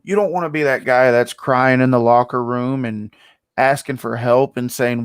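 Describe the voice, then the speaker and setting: A man's voice: mid-range voice, fairly even intonation, normal speed, smooth. Emphatic man in casual podcast chat. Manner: emphatic, builds lists. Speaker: podcast co-host.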